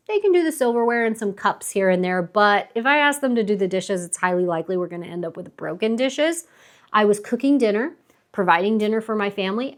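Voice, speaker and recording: A woman in her thirties, a stay-at-home mom giving earnest, emphatic advice to camera, repeating herself for stress. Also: mid-range voice. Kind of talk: casual advice talk to camera.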